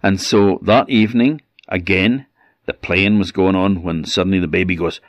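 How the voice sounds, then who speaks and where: Orkney guy telling a folk tale, deep gravelly voice, dull dry audio. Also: steady tone, no room sound. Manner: measured, dramatic pauses. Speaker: storyteller.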